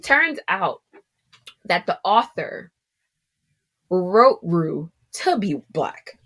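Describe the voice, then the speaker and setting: A woman co-hosting a podcast in casual chat, animated and full of "like" fillers. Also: lowish voice, extremely slow, slightly rough. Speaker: podcast co-host.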